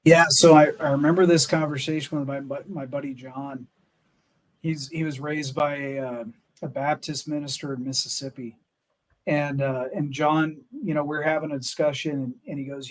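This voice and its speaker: A middle-aged American Army Ranger veteran tells his story as a podcast guest in a candid, earnest interview, speaking emphatically with many fillers and restarts. His voice is fairly high with a steady tone and normal speed, and the recording quality is low.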